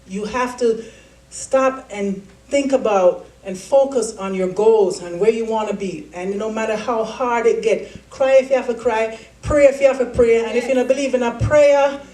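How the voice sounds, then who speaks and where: A woman, giving a motivational keynote speech and telling her story in an animated way. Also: fairly high pitch, normal speed. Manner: animated storytelling, acts out quotes. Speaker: keynote speaker. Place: large event hall. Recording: echoey hall, voice from far off.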